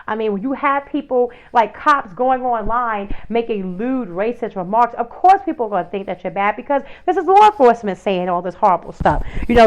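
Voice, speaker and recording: A woman's voice: on the high side, rough recording. Impassioned woman hosting a talk show. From United States. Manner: impassioned, rhetorical questions, many fillers. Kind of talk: passionate opinion monologue.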